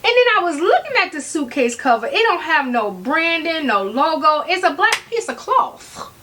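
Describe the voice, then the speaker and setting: A woman talks casually to the camera as a vlogger, her voice sitting a little high. She is sassy and animated, addressing viewers directly and tossing in "okay?" to keep them with her. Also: normal speed, slight background noise. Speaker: fashion vlogger.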